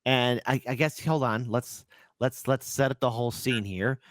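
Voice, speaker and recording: A man hosting a livestream political talk show, interviewing guests and launching into loud, ranting outbursts. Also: mid-range voice, steady tone, moderate pace, no room sound, clean studio sound. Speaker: host.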